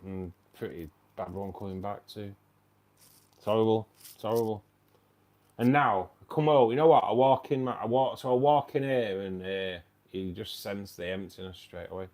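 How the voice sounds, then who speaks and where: A man's voice: lowish voice, steady tone, moderate pace, a little mellow. A man with a British accent hosting a casual livestream, chatty and slangy, laughing often. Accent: British English. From United Kingdom. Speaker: aquarium channel host.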